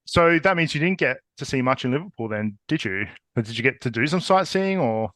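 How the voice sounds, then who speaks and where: A man's voice: medium pitch, animated, brisk, bright, forceful tone, no echo. A man interviewing a guest in a friendly, chatty way, with hesitant fillers. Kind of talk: casual interview chat.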